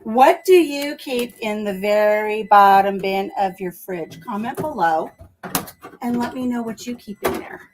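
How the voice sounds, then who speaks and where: A woman's voice: mid-range voice, measured pace, background noise. A woman chatting casually with her livestream viewers as she cleans out her kitchen fridge, a little out of breath. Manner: chatty, talks to viewers while working. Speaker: livestream host. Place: home kitchen.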